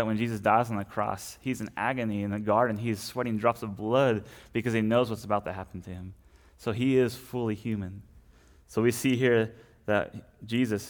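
A man with a fairly low voice preaches a sermon in a conversational way. He often tags his points with "right?" and restarts his sentences as he goes. He sounds like a young adult.

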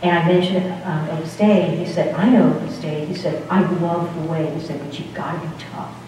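A woman's voice: fairly low pitch, steady tone, brisk, a little mellow, slight background noise. A woman giving an informal spiritual talk in a rambling, chatty way, often breaking off mid-sentence. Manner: rambling, chatty, self-interrupting. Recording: distant, echoey hall, dull sound.

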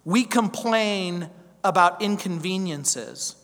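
A man's voice: high voice, slow, a bit bright, long reverb tail. A male pastor preaching a verse-by-verse sermon, emphatic, stacking repeated phrases and rhetorical questions.

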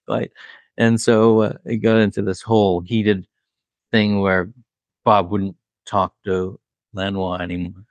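A man's voice: fairly low pitch, flat delivery, unhurried, no room sound, highs cut off. A man, a record producer, telling studio stories in a rambling, casual way, full of "like" and "you know", laughing at his own anecdotes. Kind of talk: casual storytelling.

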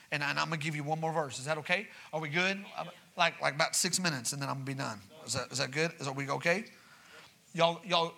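A man with a drawl preaches in a church, his voice high and bright. He checks in with the congregation as he goes, then rises into urgent, raised preaching. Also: vocal fry. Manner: builds from quiet reading to raised, urgent preaching; asks the congregation for responses. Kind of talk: sermon.

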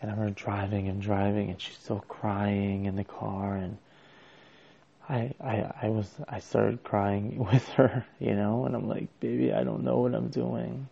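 A man's voice: lowish voice, level tone, measured pace, vocal fry, warm tone, slightly rough, lo-fi sound. A man telling a personal story as a father, in a casual, hesitant and rambling way with many restarts.

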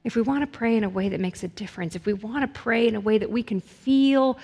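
A woman's voice: fairly high pitch, fast talker, a little mellow, breathy edge. A woman preaching a sermon in an earnest way, building intensity through repeated phrases. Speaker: pastor. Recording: long hall reverb.

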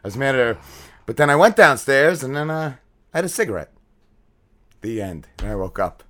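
A man chatting casually on a podcast, his voice bright and forward. He tells a long, rambling story, full of swearing and fillers. His pitch sits in the middle of the range. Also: sing-song, brisk. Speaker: podcast co-host. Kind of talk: casual chat.

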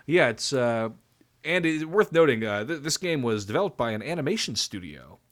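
A man's voice: medium pitch, lively intonation, normal speed. A man co-hosting a casual podcast, talking loosely with lots of fillers and restarts. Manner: rambling with many fillers and restarts. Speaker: podcast co-host.

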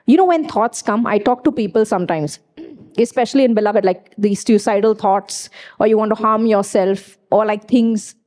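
A woman's voice: medium pitch, moderate pace, a little mellow. Emphatic woman preaching a sermon. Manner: emphatic, repeats key phrases; tells personal stories.

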